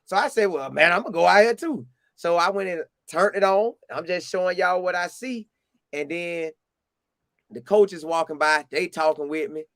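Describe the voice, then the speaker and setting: High-voiced Southern man telling a story. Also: moderate pace, no echo, studio quality. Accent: Southern US, Florida. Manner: animated, acts out quotes in a higher voice. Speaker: storyteller recounting a game visit. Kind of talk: casual storytelling.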